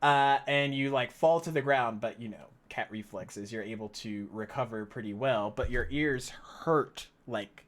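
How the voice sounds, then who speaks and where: A man's voice: medium pitch, a little slow, hardly any pauses. A man running a tabletop game as game master, narrating casually with lots of fillers. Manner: laid-back, filler-heavy narration.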